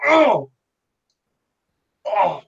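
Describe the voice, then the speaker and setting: A man's voice: big pitch swings, drawn-out words, vocal fry, recorded from a distance, highs cut off, heavily acted. A man playing a shot marshal yelping in pain. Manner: groaning, whiny, breaking into high yelps. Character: wounded male marshal, moaning and panicky.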